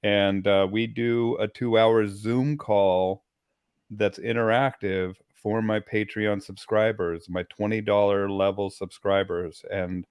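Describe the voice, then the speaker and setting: A man hosting a casual dog-training talk, telling stories in an animated way and swearing casually. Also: lowish voice, slow, smooth, dry recording, clean studio sound. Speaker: host. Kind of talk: casual chat.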